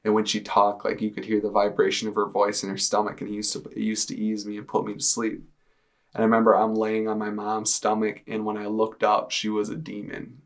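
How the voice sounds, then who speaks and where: Low, flat-voiced young man telling his story. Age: 20s. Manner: casual, halting, many "like" fillers. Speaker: testimony speaker. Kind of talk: personal testimony to camera. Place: indoors, speaking to a camera.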